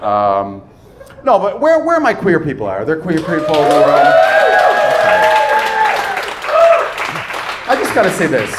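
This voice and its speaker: A man's voice: on the high side, very animated, moderate pace, pauses often. A man doing stand-up comedy on a club stage, chatty and self-mocking, with playful asides. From USA, Chicago area. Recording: live club, loud crowd and noise.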